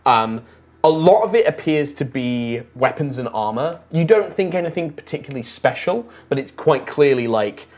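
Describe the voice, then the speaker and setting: A woman's voice: rumbling low, expressive, normal speed, a little mellow. A woman narrating as game master of a tabletop game, describing scenes in a loose, rambling way full of fillers.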